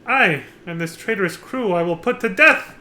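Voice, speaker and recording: A streamer voicing a proud, stern old king from a stage play in a game, reading his old-fashioned lines loudly and theatrically. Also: mid-range voice, lively intonation, normal speed. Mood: commanding.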